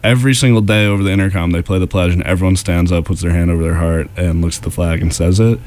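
A man's voice: low voice, steady tone, quick pace, darkish tone. A young man hosting a radio show, joking and teasing his co-hosts in casual banter.

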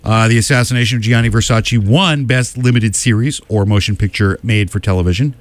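A man in an easy, conversational recap, running down a list of winners and tossing in his own verdicts. His voice is mid-pitched and sounds dry and close, with little room around it. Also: dry recording. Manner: rattles off winners with quick opinions, many "uh" fillers. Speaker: podcast co-host. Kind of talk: casual awards recap chat.

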